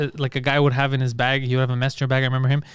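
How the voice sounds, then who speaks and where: A man co-hosting a casual comedy podcast, telling stories with lots of swearing and loudly acted-out quotes. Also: mid-range voice, racing, smooth, dry recording, clean studio sound. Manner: animated storyteller who swears and acts out quotes loudly. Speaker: podcast co-host.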